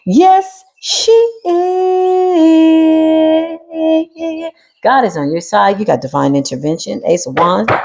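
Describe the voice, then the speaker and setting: A woman's voice: sits high, slow pace, long pauses, darkish tone. A woman doing a spiritual tarot reading in a sassy, streetwise style, talking straight to the viewer and to the spirit. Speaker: tarot reader.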